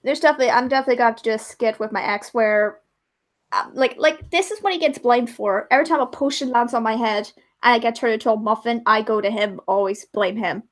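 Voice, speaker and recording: Giggly high-voiced woman chatting. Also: fast. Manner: giggly, rambling, acts out little voices. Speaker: livestream co-host. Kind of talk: casual chat.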